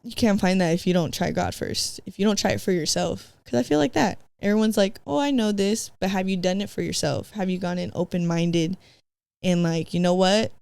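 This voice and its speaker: A woman's voice: fairly low pitch, a little fast, creaky, darkish tone, smooth, dry recording. Slangy woman telling her story. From San Diego, California. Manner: slangy, full of "like" and "bro", acts out her past self; mixes in Spanish phrases. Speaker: podcast guest. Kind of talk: casual personal storytelling.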